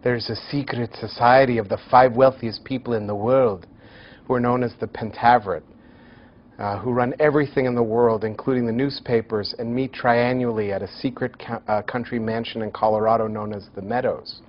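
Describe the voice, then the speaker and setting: A man voicing a loud, conspiratorial Scottish father in a kilt, ranting in a put-on Scottish accent. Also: mid-range voice, steady tone, moderate pace, lo-fi sound, lightly acted.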